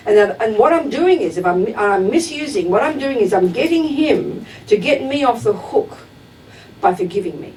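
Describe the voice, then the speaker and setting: A woman's voice: animated, fairly quick, darkish tone. Emphatic woman teaching, heard from afar. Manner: direct and emphatic, acts out everyday examples. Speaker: Buddhist teacher. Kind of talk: dharma talk to a class. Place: teaching hall at a Buddhist center. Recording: distant mic with faint rumble.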